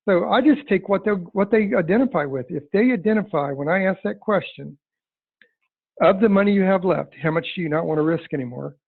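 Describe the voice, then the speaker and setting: A man's voice: high voice, lively intonation, a little fast, gravelly, slightly rough. A man running a sales training webinar, talking in a folksy, emphatic way and acting out client dialogue. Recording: dry tinny phone-like line.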